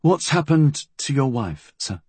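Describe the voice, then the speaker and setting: A man voicing a courteous, calm police inspector who keeps calling people sir. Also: mid-range voice, measured pace, husky, dry recording, voice pushed up.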